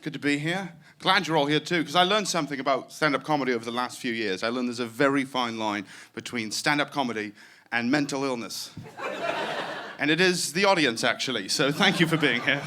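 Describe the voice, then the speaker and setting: A man's voice: medium pitch, bright, forceful tone. A man doing stand-up comedy in a wry, conversational way.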